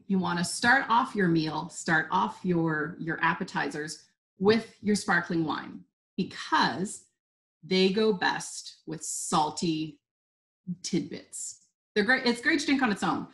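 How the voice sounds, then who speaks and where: Upbeat young woman as a wine instructor, mid-range pitch, roomy echo. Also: a bit bright. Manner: bubbly, chatty and upbeat. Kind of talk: live online wine tasting lesson.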